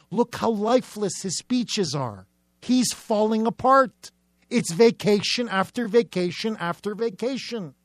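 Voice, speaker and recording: Combative high-voiced radio host, dry studio. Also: male voice, no room sound. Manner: combative, mocking, repetitive rhetorical build-ups. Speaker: radio talk show host. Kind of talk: political talk radio monologue.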